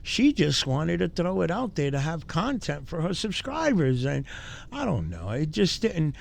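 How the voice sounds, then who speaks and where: Gravelly mocking commentary host. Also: male voice, on the high side, huge pitch swings, a little slow. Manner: mocking, rambling with fillers. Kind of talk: casual commentary.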